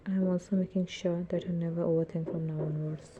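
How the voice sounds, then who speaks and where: Woman reading as a calm young male lover. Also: lowish voice, fast, phone-quality sound, noisy background, close to an everyday voice. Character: calm, teasing young man confessing love.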